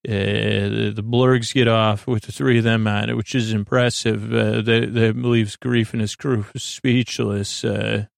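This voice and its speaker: Gravelly man rambling through a recap. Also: lowish voice, flat delivery, a little slow, few pauses, no room sound, clean studio sound. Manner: rambling, retells dialogue with many fillers. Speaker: podcast host recapping a show. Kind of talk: casual episode recap.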